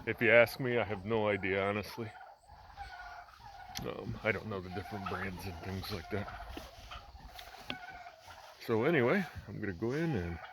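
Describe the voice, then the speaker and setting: A man's voice: lowish voice, a little hiss or hum. A man chatting casually about farm chores as he walks outdoors, filming on a handheld camera, with plenty of fillers and restarts. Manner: relaxed, rambling, many fillers and restarts. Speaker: farmer vlogger. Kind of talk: casual walk-and-talk narration.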